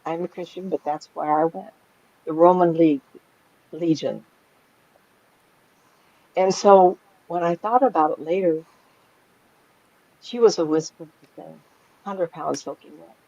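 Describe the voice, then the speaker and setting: A woman's voice: fairly low pitch, unhurried, long pauses, a little mellow. A middle-aged woman, a psychic medium, telling stories in a casual chat and laughing often. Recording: slightly dull lo-fi sound.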